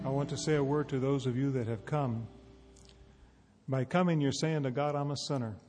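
A man from North Carolina, leading an altar call and a prayer in a folksy, gentle way. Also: mid-range voice, normal speed, long reverb tail, faint music behind. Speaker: evangelist preacher. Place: large arena event.

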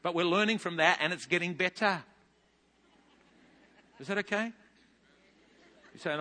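A man in his fifties with a New Zealand accent, preaching a sermon as a pastor, telling stories animatedly and rising into loud bursts. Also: high voice, a little slow, long pauses, a little hiss or hum. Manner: animated storytelling with big loud rises. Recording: long hall reverb.

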